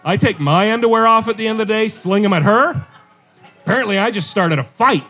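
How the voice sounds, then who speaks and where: A man's voice: high voice, animated, brisk, pushed and bright, faint music behind. A middle-aged man performing a stand-up comedy set, conversational and self-deprecating, with chatty asides to the crowd.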